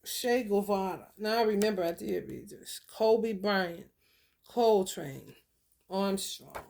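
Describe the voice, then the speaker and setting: A woman talks through a spiritual reading in a casual vlog. Her voice has a gravelly, fry-laden edge and sits at a middle pitch. She is blunt and profane, and her reading is animated with loud outbursts. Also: slow, a little hiss or hum. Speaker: spiritual content creator.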